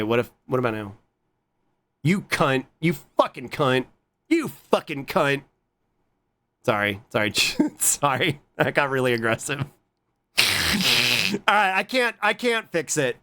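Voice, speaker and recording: A man streaming and chatting casually with his viewers, excitable and swearing often. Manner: excitable, swears a lot, jumps to squeaky high greetings.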